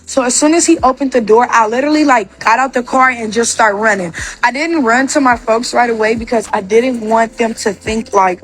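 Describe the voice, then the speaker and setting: A young woman telling a personal story in a casual storytime, rambling with constant "like" fillers. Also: fairly high pitch. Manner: rapid, filler-heavy with constant "like".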